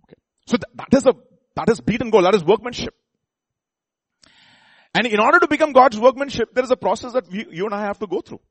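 A man's voice: very high-pitched, lively intonation, fast talker, long pauses, fairly bright tone, no room sound. A man preaching a sermon in a conversational way, often asking the congregation questions and restarting his sentences.

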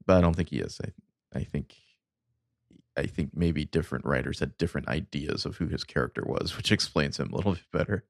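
A man's voice: a bass voice, brisk, gravelly, no echo. A man co-hosting a podcast, talking in a laid-back, hesitant way with plenty of uhs and dry humor. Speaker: podcast co-host. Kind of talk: casual chat.

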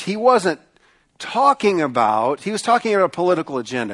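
A male pastor preaching a sermon, emphatic, repeating phrases and slowing down to stress points. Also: sits high, very animated, fairly bright tone.

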